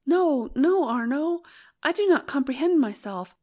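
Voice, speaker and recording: A woman's voice: high voice, expressive, measured pace, darkish tone, pitched above the performer's own voice. A woman reading an audiobook, voicing a tender, fearful young wife who talks in an earnest, pleading way. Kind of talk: audiobook narration.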